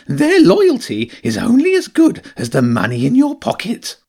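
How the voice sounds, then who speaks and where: A man's voice: very high-pitched, huge pitch swings, normal speed, gravelly, dark tone, husky, voice pushed up, heavily acted. A man reading an audiobook voices a stern, suspicious male hedgehog warrior with a fierce, commanding manner. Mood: scornful. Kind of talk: audiobook character voice.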